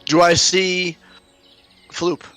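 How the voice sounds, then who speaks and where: A man's voice: sits high, flat delivery, extremely slow, bright, forceful tone, soft background music. A man playing a tabletop game, speaking in an easygoing, casual way. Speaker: player.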